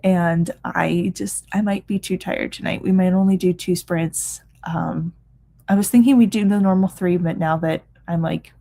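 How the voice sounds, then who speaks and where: This reading sprint livestream host, a woman in her thirties, has a fairly low, warm, creaky voice that stays steady at normal speed. She's tired and yawns, chatting and reading comments with many ums and restarts, and laughs frequently.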